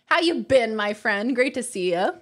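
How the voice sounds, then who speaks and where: A woman's voice: fairly high pitch, expressive, moderate pace. A woman livestreamer in casual chat, reading her viewers' messages aloud and laughing often.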